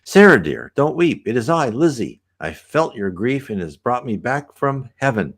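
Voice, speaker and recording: A man reading the lines of a departed woman's spirit in a soft, consoling way. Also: medium pitch, sing-song, normal speed, pitched above the performer's own voice.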